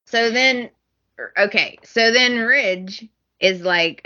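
A woman recaps a soap opera at a slow, easy pace and sounds fed up with the characters. Her voice is bright. The recording sounds a little dull and lo-fi. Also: fairly high pitch. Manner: unhurried, exasperated, storytelling recaps. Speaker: podcast co-host.

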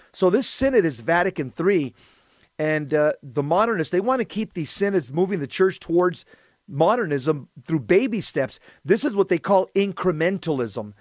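A man's voice: a little high, no room sound, clean studio sound. A man hosting a talk show, speaking in an emphatic, preachy way. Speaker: host. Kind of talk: casual talk show chat.

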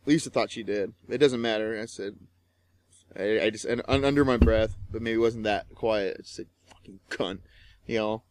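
A young man co-hosting a casual podcast, swearing constantly as he tells a story and bursts into shouted quotes. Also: fairly low pitch, fairly even intonation, normal speed, dry recording. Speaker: podcast co-host. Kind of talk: casual chat, profane storytelling.

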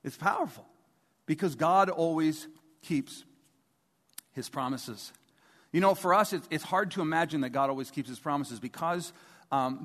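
A man's voice: a little high, a bit bright. Male pastor preaching in a reverberant hall. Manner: conversational preaching with rhetorical questions. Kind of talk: sermon. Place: large church hall before a congregation. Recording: long reverb of a large hall.

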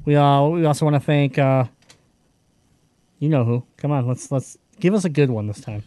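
A man's voice: mid-range voice, normal speed, dark tone, dry recording. A man hosting a gaming podcast, talking in loose, casual banter full of fillers. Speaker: podcast host.

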